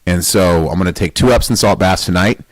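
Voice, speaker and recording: A man with a low-pitched voice hosting a weightlifting podcast. He talks in a blunt, emphatic monologue, heavy on rhetorical questions and casual swearing. The recording is dry and close. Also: brisk, no echo, low-quality recording.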